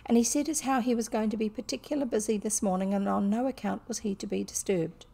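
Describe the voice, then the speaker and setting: A woman's voice: mid-range voice, fairly even intonation, quick pace, gravelly, dark tone. A woman voicing a polite, rustic young male hedgehog who answers deferentially with plain country grammar, in a storybook reading. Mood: respectful. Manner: deferential, countrified grammar, says sir a lot.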